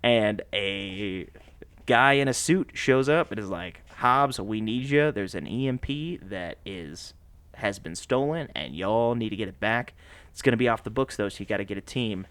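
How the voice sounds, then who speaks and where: A man co-hosting a podcast, recapping a movie plot in a casual, animated way, laughing often and slipping into voices for the characters. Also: fairly low pitch, normal speed, clear, resonant tone, no echo. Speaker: podcast co-host.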